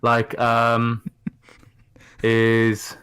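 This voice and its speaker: A man's voice: mid-range voice, monotone, fairly bright tone, smooth. Laughing man explaining words. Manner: patient, explains slowly, laughs often. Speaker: podcast guest. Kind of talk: casual chat.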